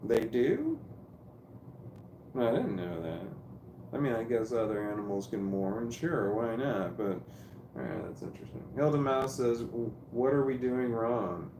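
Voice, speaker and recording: A man casually chatting on a live stream, reading viewer comments aloud in a rambling, halting way and repeating words as he goes. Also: medium pitch, very animated. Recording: roomy echo with faint noise.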